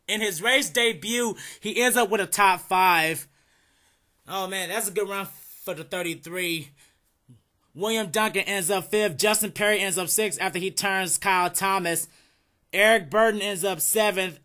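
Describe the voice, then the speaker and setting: A young man calling a simulated stock car race as play-by-play commentator, excitable and shouting through close finishes. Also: high-pitched. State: out of breath. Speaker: sim racing league commentator.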